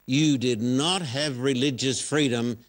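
Earnest preacher-host asking pointed questions. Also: male voice, medium pitch, steady tone, measured pace. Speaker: pastor and interview host. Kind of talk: broadcast religious interview.

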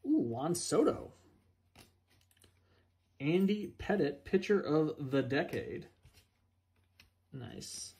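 A man's voice: a little high, lively intonation, darkish tone. A man reading out player names during a card box break, with playful asides. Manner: slow, singsong name-calling with playful asides.

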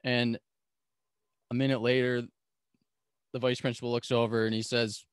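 Animated man telling a story, dry sound. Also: medium pitch, normal speed, smooth, dry recording. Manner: animated, laughs often, acts out quoted voices. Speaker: podcast guest. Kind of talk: storytelling in a casual interview.

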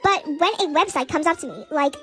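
A woman's voice: high-pitched, expressive, a little fast. A woman telling chatty, exasperated storytime anecdotes over faint background music. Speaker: storytime narrator. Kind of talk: storytime narration over gameplay.

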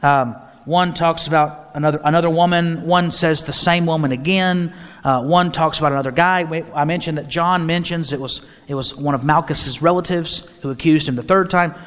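A mid-week Bible study in a church hall is led by a male pastor whose slightly high, fairly bright voice keeps fairly even intonation at a moderate pace. He teaches conversationally, restarting phrases often and inviting questions, under long hall reverb.

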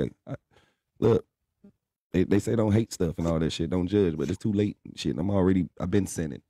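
On a casual live stream, a young co-host bluntly lectures his audience, cursing plenty in a preachy pep-talk style. He speaks briskly in a low, mellow voice, captured as clean studio sound with no room sound.

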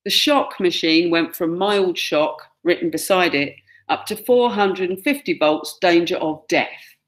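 A woman's voice: fairly low pitch, unhurried. A woman gives a classroom lecture, pointing out pictures and acting out quoted lines. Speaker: teacher.

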